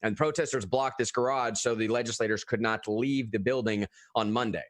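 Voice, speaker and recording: A man talking casually about politics as a podcast co-host, animated and often restarting his phrases. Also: mid-range voice, fairly quick, no room sound, clean studio sound.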